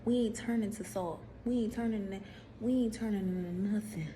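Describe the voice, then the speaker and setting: A woman, casually preaching to viewers in a vlog, animated, repeating herself and putting questions to the audience. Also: medium pitch, moderate pace, slight background noise. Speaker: faith vlogger.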